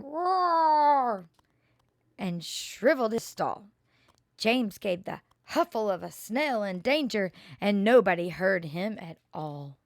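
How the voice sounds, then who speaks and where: An older woman reading children's poems aloud in a slow, expressive way, with playful asides. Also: a little high, no room sound, studio quality.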